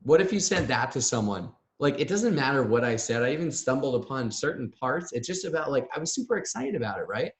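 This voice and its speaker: Male business coach, energetic, medium pitch, echoey room sound. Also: a little fast, hardly any pauses. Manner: energetic, acts out sample messages. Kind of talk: coaching call. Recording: roomy echo.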